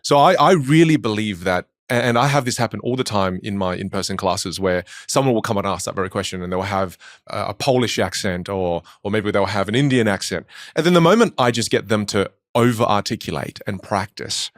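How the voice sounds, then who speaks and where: An Australian communication coach, a man with a fairly low voice, talks quickly and with few pauses in a conversational interview. He tells animated stories and puts on voices. The studio-quality recording has no room sound.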